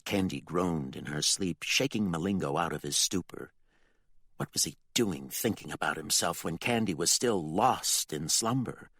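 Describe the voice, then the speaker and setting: A man narrating a dark fantasy audiobook with expressive, dramatic storytelling. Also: sits low, moderate pace, no echo, clean studio sound.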